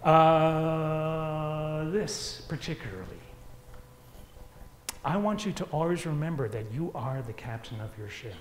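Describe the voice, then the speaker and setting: A man giving a live motivational talk on stage in front of an audience, dramatic and swinging between loud and hushed. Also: on the high side, expressive, takes it slowly, echoey room, a little hiss or hum. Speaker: motivational speaker.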